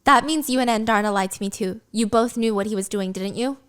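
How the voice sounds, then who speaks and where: A woman's voice: mid-range voice, fairly quick, fairly bright tone, clear, resonant tone, close to an everyday voice. A woman voicing a fierce young woman rider who snaps back in a raised, swearing voice. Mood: furious.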